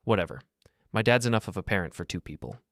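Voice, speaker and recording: A man's voice: lowish voice, fast, no echo, clean studio sound, natural voice. A man voicing a scheming, callous young woman of twenty-three in a storybook reading, offhand and mocking. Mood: scornful.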